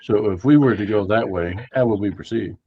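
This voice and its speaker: A man's voice: on the low side, brisk, slightly rough, no echo, dull audio. A man playing a tabletop role-playing game, plainspoken as he plans his moves. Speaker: player. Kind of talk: casual tabletop play.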